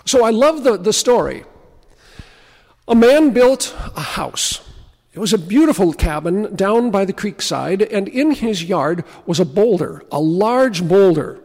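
A man preaching a sermon, telling stories and slowing to a hush on key words. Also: high-pitched, expressive, long reverb tail. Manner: storytelling preacher, slows and drops to a hush for emphasis. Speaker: pastor.

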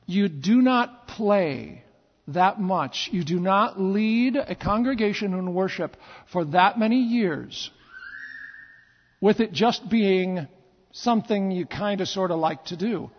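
A pastor telling stories in a sermon, with repeated phrases and dramatic pauses. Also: male voice, sits high, lively intonation. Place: church sanctuary. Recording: long church reverb, dull lo-fi sound.

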